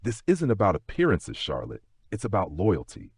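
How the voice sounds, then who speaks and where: A man voicing a cold, calculating aristocratic husband who speaks in a tight, sharp way. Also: sits low, huge pitch swings, moderate pace, gravelly, breathy edge, dry recording, exaggerated voice.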